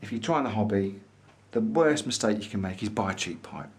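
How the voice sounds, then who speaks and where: A man's voice: lowish voice, expressive, brisk. A man vlogging, chatting enthusiastically to camera in a pipe maker's showroom. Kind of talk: casual showroom chat to camera.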